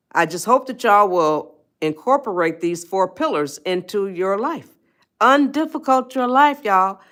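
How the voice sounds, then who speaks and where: Fairly low in pitch with a fairly bright tone, this woman gives a motivational talk on her self-help live stream. She speaks directly to chat viewers, coaxing them and repeating herself.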